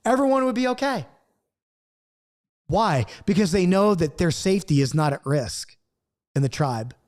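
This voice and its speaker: A man teaching a Bible study straight to camera, acting out angry outbursts and then dropping to a hushed, earnest tone. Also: sits high, animated, normal speed. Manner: acts out quoted outbursts, swings between loud and hushed.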